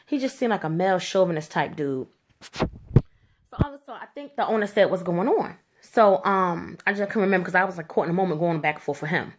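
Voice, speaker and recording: A woman telling a story to camera in a blunt, animated rant, with slangy speech and free swearing. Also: lowish voice, fast talker, slight background noise. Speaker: vlogger.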